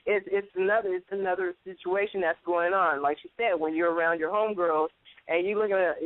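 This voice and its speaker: A woman co-hosting a casual chat show, telling animated stories and acting out quotes in higher voices. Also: fairly quick, no room sound. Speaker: co-host. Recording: tinny phone-like line, dry.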